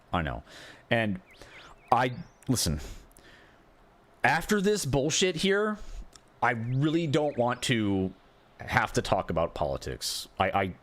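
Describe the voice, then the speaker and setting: A man's voice: medium pitch, a bit bright. A man streaming live, ranting in frustration with rhetorical questions and swearing as he reacts to chat. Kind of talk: casual live-stream commentary.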